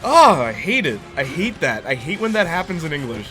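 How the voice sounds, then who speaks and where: A man's voice: fairly high pitch, big pitch swings, brisk, bright, forceful tone, soft background music. A young man chatting casually as a streamer while reacting to a movie, rambling and slangy, laughing often.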